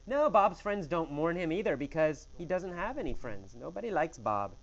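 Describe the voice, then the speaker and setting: A man's voice: on the high side, very animated, normal speed, gravelly, lo-fi sound. A man teaching English with a question-and-answer story, speaking in an emphatic, exaggerated way.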